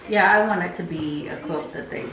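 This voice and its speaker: Older lady chatting, soft and a bit hesitant, lower voice, echoey room. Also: brisk, a little hiss or hum. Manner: soft-spoken, hesitant, with ums and uhs. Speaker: guest, the host's mother. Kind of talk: casual chat.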